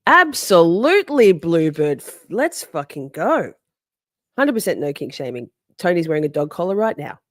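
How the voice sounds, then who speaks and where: Sassy low-voiced woman livestream host. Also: animated, normal speed, a little mellow, no echo, studio quality. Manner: chatty, reads viewer comments aloud and answers them; playful and sassy, swears, laughs often. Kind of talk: casual livestream chat.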